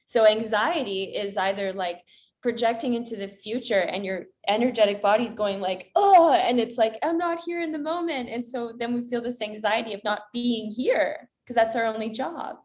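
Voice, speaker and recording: A woman coach, a guest on a podcast, talking in a calm and reflective way with spiritual phrasing. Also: fairly high pitch, moderate pace. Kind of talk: casual podcast conversation.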